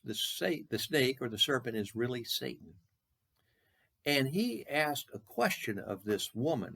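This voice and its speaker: A man from Texas giving a short devotional sermon, earnest, with slow, repeated questions for emphasis. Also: medium pitch, vocal fry, a bit bright. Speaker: preacher.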